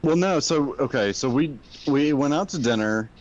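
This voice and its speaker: A man at an ordinary middle pitch, talking in a loose podcast chat. He tells stories casually, swears freely and often stops to restart a sentence. The recording sounds dull and lo-fi. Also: expressive, normal speed, a little mellow. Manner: storytelling, profane, hesitant restarts. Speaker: podcast guest. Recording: dull lo-fi audio.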